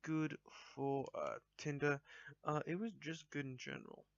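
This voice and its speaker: A man hosting a podcast in casual chat, rambling with many pauses. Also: on the high side, huge pitch swings, vocal fry, fairly bright tone, no room sound, muffled recording. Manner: rambling, many ums and restarts. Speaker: podcast host.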